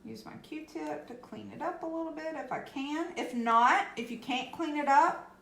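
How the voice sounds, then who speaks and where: A woman's voice: high-pitched, normal speed, gravelly, fairly bright tone, reverberant, a little hiss or hum. A woman hosting a casual painting tutorial, chatty and reassuring, often checking in with "okay?". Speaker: craft channel host.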